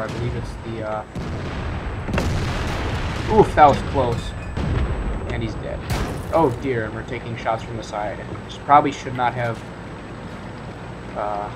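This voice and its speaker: A man hosting a gaming video, commenting casually on his match in a relaxed, rambling way with many fillers. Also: mid-range voice, heavy background noise. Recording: voice over loud game sounds. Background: game engines and artillery fire.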